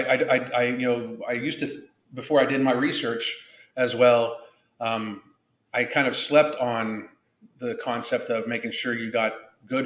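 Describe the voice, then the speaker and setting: A man's voice: mid-range voice, a bit bright, reverberant. A man hosting a casual podcast, blunt and profane, rambling with frequent restarts. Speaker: podcast host.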